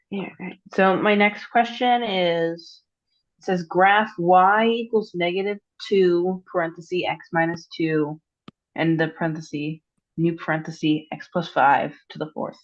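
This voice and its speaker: A woman's voice: on the low side, steady tone, measured pace, lo-fi sound. A teenage girl asking her tutor about a math problem over a call, congested and hesitant, full of "like". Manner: hesitant, many "like" fillers. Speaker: student. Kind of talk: casual tutoring session.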